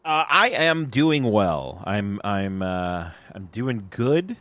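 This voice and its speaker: A young man hosting a podcast in casual chat, relaxed and hesitant with fillers. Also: on the low side, slow pace. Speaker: podcast host.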